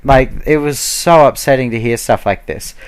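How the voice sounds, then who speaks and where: A man's voice: mid-range voice, normal speed, smooth. A man giving a heated, casual ranting review, full of fillers and restarts. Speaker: video blogger.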